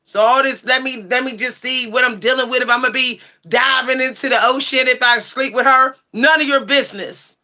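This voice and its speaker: A woman hosting her own livestream channel, ranting sassily and bluntly at her chat, swearing freely and breaking into shouts. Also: high-pitched, fairly even intonation, a little fast, few pauses. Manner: sassy, blunt, profane, shouts at times. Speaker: livestream tarot channel host. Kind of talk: heated livestream rant answering chat.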